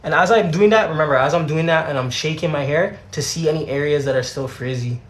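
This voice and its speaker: A man's voice: a little high, quick pace. A young Canadian man with a Canadian accent, chatting casually during a hair tutorial livestream. He is laid-back and slangy and repeats his words. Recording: echoey room.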